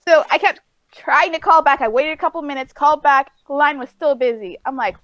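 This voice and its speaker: A woman co-hosting a casual podcast chat, telling an animated story with laughs and acted-out quotes. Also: sits high, fast, no room sound. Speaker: podcast co-host.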